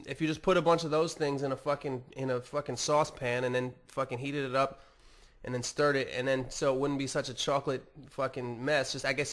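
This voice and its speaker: A US podcast host with a mid-range, slightly bright voice rambles through a casual monologue, swearing often and making fun of himself.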